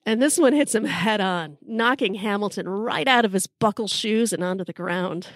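A woman's voice: medium pitch, normal speed, dry recording, clean studio sound. A middle-aged woman, hosting a podcast and telling a comic story with wry timing. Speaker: podcast host.

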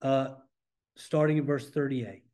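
A man leading a church Bible study in a relaxed, conversational way, asking the class questions as he teaches. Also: medium pitch, unhurried. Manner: informal, asks the class questions.

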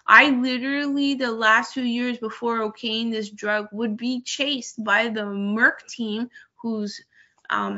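A woman's voice: on the high side, pushed and bright, muffled recording. A woman physician giving a conversational conference lecture on medicine, candid with wry asides. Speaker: infectious disease physician lecturer.

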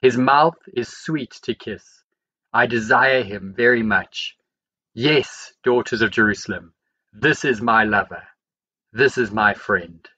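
A man reading the Bible aloud, verse by verse, in a steady and measured way. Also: medium pitch, highs cut off. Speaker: Bible reader.

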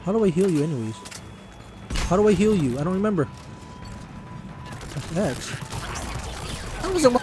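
A man giving excited live commentary while playing a co-op shooter, yelling at enemies and teammates. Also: a little high, moderate pace, long pauses. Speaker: gamer playing co-op multiplayer. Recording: game music playing behind.

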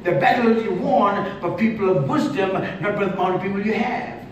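High-voiced preacher in an echoing hall. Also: male voice, brisk, lo-fi sound. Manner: shouting, emphatic preaching with sudden drops to quiet. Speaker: pastor. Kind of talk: sermon. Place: large church hall. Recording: echoey hall from far off, faint noise.

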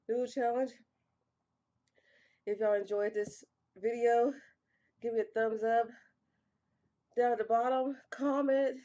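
A young woman talks slowly in a mellow, low-key tone while her mouth burns from the food. She sighs and groans between lines, exasperated, as if she can barely get the words out. The sound is a little dull and lo-fi. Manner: exasperated, sighing between lines while eating hot noodles. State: mouth burning, struggling to talk. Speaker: vlogger. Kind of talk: casual vlog chat.

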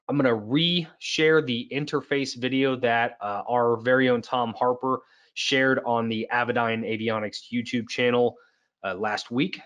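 A man hosts an online product webinar as a casual presentation, chatty and full of fillers and restarts. His voice is medium-pitched and a bit bright, with the highs cut off.

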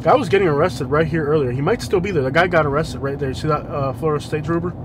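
A man's voice: on the high side, fast. A man, a rambling storyteller who laughs often, chatting casually while driving at night. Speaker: rideshare driver vlogging. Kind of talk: casual driving vlog chat. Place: inside a car driving at night. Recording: faint street noise behind. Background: faint road and traffic noise.

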